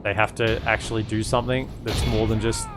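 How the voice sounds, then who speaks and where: A man's voice: lowish voice, little pitch movement, fairly quick, over music. An Australian man giving casual, chatty gameplay commentary as a streamer, often repeating himself. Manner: chatty, repeats words, many restarts.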